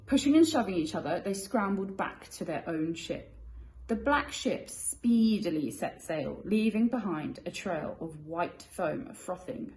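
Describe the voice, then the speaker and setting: Lively woman reading a storybook aloud. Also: medium pitch, unhurried, a little hiss or hum. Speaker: teacher. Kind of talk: reading a picture book aloud. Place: classroom or school room. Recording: echoey room.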